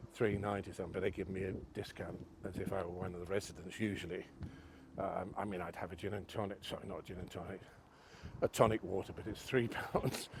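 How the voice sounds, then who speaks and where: A man's voice: fairly low pitch, slight background noise. A man giving a rambling, self-mocking walking tour outdoors on a city street, chatting to camera. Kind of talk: casual chat to camera.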